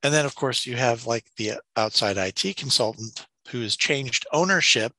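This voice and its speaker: A man co-hosting a podcast in casual chat, telling animated stories and ranting with some profanity. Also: medium pitch, normal speed, dry recording. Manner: animated storyteller, rants with profanity. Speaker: podcast co-host.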